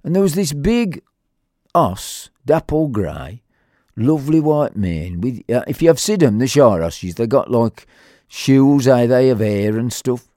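A man's voice: medium pitch, very animated, measured pace, warm tone, no room sound, studio quality. A man with a Black Country accent telling a rambling, humorous story in a chatty way, full of fillers. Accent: Black Country English. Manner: rambling, chatty, with lots of fillers and quoted voices.

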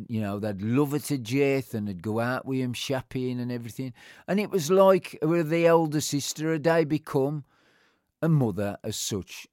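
Middle-aged man, rambling heartfelt storyteller, mid-pitched voice, dry close recording. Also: darkish tone, no room sound. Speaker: interviewee. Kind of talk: personal reminiscence.

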